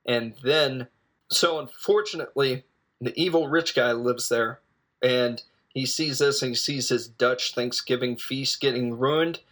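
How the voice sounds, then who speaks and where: A man's voice: mid-range voice, a little slow, fairly bright tone. A man casually retelling a film's plot as a reviewer, rambling and hesitant, with jokes along the way. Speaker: film reviewer. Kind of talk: casual spoken film recap.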